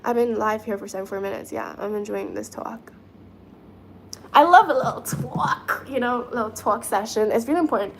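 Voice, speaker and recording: A woman hosting a casual live stream, chatting and giggling while she does her nails and thinks out loud. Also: mid-range voice, steady tone, quick pace, few pauses, slight background noise. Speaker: livestream host reading chat.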